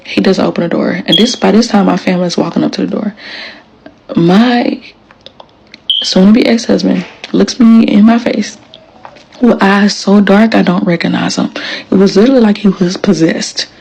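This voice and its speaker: A woman's voice: mid-range voice, fairly even intonation, moderate pace, creaky, a little mellow, a little hiss or hum, low-quality recording. A woman, telling the story of her marriage in casual, emphatic storytelling to camera, acting out quoted lines.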